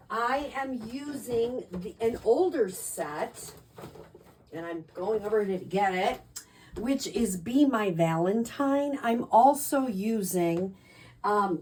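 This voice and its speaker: A woman's voice: medium pitch, darkish tone, husky. A woman giving a casual craft tutorial as a demonstrator, chatty, with frequent ums and self-corrections.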